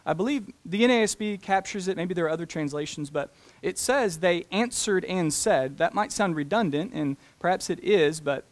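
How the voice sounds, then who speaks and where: A man preaching a sermon, talking deliberately and slowing down to stress key phrases. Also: sits high, lively intonation. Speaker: pastor.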